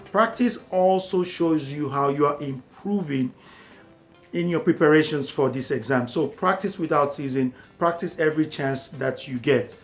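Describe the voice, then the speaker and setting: A man's voice: a little high, moderate pace, soft background music. A man tutoring for a language exam, explaining steadily and repeating key words for emphasis. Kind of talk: instructional talk to camera.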